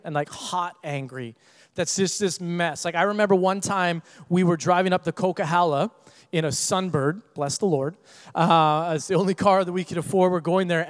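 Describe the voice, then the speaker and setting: A young pastor with a notably high voice tells animated, humorous stories from the pulpit. His sermon rings out in a large, reverberant hall. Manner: animated storyteller, quieter and earnest when preaching. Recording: echoey hall.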